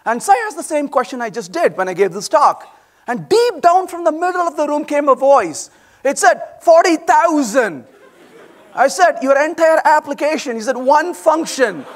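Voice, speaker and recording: A middle-aged man giving a conference talk, animated and playful, acting out quoted voices with quick asides to the audience. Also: extremely high pitch, some chatter behind. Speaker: conference speaker. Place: large conference hall.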